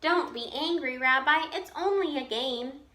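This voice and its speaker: A woman's voice: high-pitched, a little slow, pushed and bright, roomy sound. A woman voicing a kindly, chatty old grandmother with failing eyes, fussing over her guest in a storybook read-aloud. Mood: fond. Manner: cheerful, chatty, fussing hostess.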